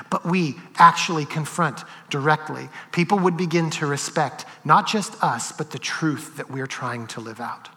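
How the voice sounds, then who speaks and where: A man preaching a sermon who tells stories, swinging from loud and animated to hushed and slow. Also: on the high side, big-room sound. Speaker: pastor. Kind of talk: sermon with storytelling.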